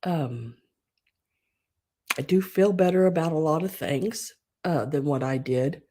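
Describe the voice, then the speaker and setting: A woman with a fairly low voice hosts a home live stream while crying. She speaks haltingly, her words breaking off and sinking into soft whispers. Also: slight background noise. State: tearful, crying. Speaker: online live-sale host. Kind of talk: emotional live-stream chat.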